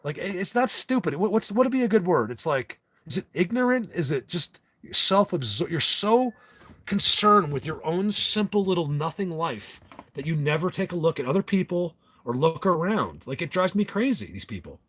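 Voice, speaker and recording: A man's voice: high-pitched, very animated, normal speed, fairly bright tone, slightly rough. A man hosting a casual livestream, rambling and ranting to his viewers with frequent restarts. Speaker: livestream host.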